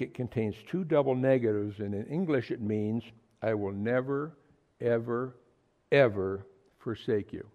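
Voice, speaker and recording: A man's voice: medium pitch, highs cut off. A man preaching a sermon to a small fellowship, earnest and emphatic, often repeating words for stress. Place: small fellowship meeting room.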